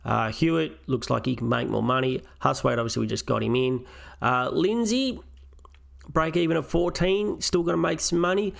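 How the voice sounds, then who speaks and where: A man's voice: medium pitch, moderate pace, gravelly. A man hosting a casual solo review of his fantasy football team, thinking aloud as he weighs his options step by step. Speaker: fantasy football channel host.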